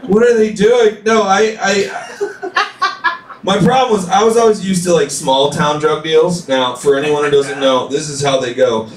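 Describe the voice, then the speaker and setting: A young man rambles through a stand-up set, his voice pitched a little high. He is picked up from across a roomy basement, with light noise under him. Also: moderate pace. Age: late 20s. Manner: loose, rambling storytelling with crowd work. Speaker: stand-up comedian. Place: basement comedy room with live audience. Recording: roomy live recording from a distance.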